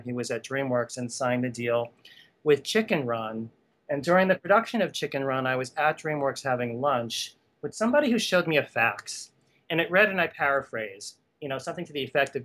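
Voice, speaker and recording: A man talking as a podcast guest, chatty and animated, laughing often and telling stories with many asides. His pitch sits in an everyday middle range. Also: a little fast. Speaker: guest, animation art conservation director. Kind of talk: conversational podcast interview.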